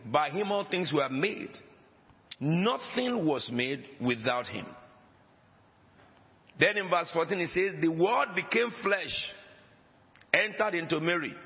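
A man preaching a sermon as pastor, emphatic, with dramatic rises and drops in his voice. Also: a little high. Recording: dull lo-fi recording with long hall reverb.

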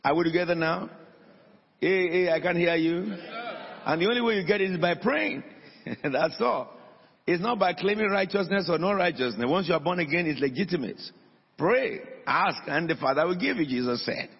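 A male pastor preaches emphatically in a church hall and calls out to the congregation for answers. His fairly high voice has a husky, breathy grain. The recording is dull and lo-fi, with a long reverb trailing off the room. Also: animated, moderate pace. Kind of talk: sermon.

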